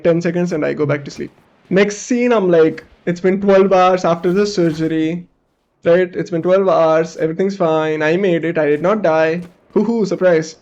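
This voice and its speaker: The audio is dull, and the young man's voice runs a little high as he chats animatedly through a story mid-game. He swears at times and imitates what others said.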